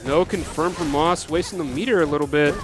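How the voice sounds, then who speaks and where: A man's voice: a little high, fairly quick, over music. A man with an American accent giving analytical, casual color commentary at a fighting-game tournament. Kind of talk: live esports commentary.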